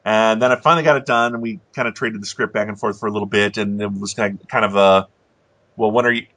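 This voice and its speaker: A man's voice: lowish voice, fairly even intonation, quick pace, a bit bright, dry recording. A man hosting a casual commentary chat, rambling and self-deprecating with frequent chuckles. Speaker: host.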